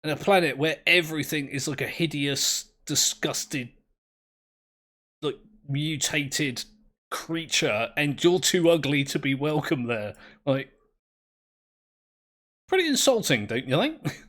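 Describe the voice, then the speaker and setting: A man's voice: on the high side, slow, sharp tone. A man, commentating his own game play in a rambling, self-mocking, easily amused way. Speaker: gameplay commentator.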